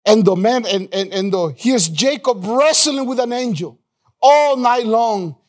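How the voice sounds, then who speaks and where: In a live church sermon, a male pastor with a very high, expressive voice preaches emphatically. He calls on the congregation, repeats phrases and breaks off to restart his sentences in quick bursts.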